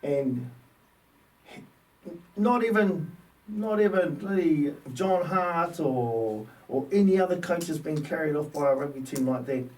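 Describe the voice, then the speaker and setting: A New Zealand man in his fifties, a former rugby player, telling stories as a guest in a relaxed, slangy way. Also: a little high, measured pace. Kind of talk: casual storytelling. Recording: distant mic with faint background noise.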